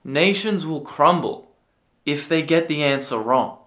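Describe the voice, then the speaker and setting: A man's voice: fairly high pitch, lively intonation, a little slow. Sarcastic, swearing male ranter. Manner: sarcastic, profane, bursts into yelling. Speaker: political commentary video creator. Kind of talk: ranting commentary.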